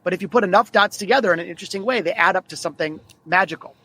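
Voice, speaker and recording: Man, 40s, podcast guest, quick energetic storytelling, slightly high voice. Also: slightly rough. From Detroit, United States. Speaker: guest author. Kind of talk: podcast interview.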